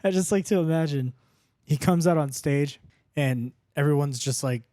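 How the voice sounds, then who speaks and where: A man co-hosting a podcast in a jokey, animated way, laughing often. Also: a little high, normal speed, no room sound, clean studio sound. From Mexican heritage. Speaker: podcast co-host. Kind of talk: casual podcast banter.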